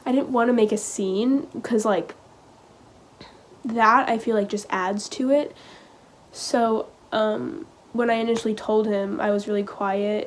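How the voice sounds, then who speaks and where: A woman's voice: medium pitch, flat delivery, slight background noise. Hesitant teenage girl telling a story. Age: teens. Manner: hesitant, halting, heavy use of "like" and "um". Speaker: vlogger. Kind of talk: casual personal storytelling.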